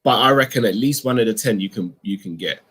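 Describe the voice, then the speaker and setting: Casual football fan co-host. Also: male voice, fairly low pitch, quick pace, slightly rough. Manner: relaxed, addresses viewers as "people". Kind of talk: casual live football chat.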